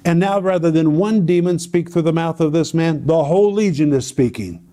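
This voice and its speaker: Male Bible teacher, slightly high and warm, dramatic emphatic delivery for a teaching show. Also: moderate pace. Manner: emphatic, dramatic storytelling with repeated phrases.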